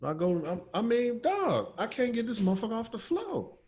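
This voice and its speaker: A man's voice: very high-pitched, wildly swooping pitch, normal speed, a little mellow. A man co-hosting a podcast, telling a story in casual chat full of profanity and slang. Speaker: podcast co-host.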